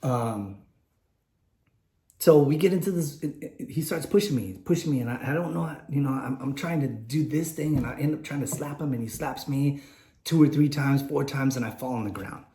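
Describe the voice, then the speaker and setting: This late-40s vlogger shares an unscripted personal story indoors in a warm room, rambling candidly and often using fillers and restarting. His mid-range voice sounds mellow at a moderate pace, with a roomy echo around it.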